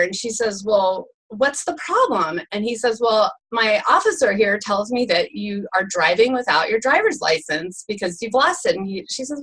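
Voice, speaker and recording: A woman co-hosting a casual sales show, chatty and animated, laughing often as she tells a joke. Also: medium pitch, normal speed, slightly rough, low-quality recording. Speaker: co-host. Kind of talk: casual chat.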